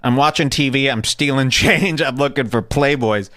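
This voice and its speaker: A man's voice: medium pitch, moderate pace, a bit bright, dry recording, clean studio sound. A young man hosting a podcast, telling crude comedic stories in casual chat and slipping into silly voices. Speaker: podcast host.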